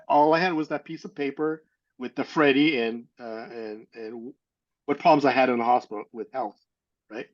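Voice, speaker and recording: This Californian man speaks at a medium pitch, and the recording has its highs cut off. Appearing as an interview guest, he tells a personal story and acts out the people he quotes.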